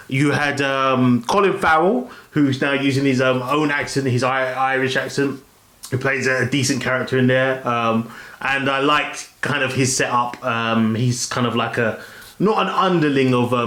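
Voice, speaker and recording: A man talks through a film review casually, in a rambling way, stopping and restarting often. His voice sits at an ordinary middle pitch. The room around him gives a noticeable echo. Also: a bit bright. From London, England. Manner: rambling, many fillers and restarts.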